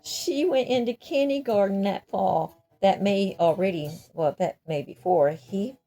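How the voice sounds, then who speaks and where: A woman's voice: mid-range voice, measured pace, dark tone. An older woman casually telling personal stories in a rambling way, laughing often and restarting her sentences. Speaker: storyteller sharing memories.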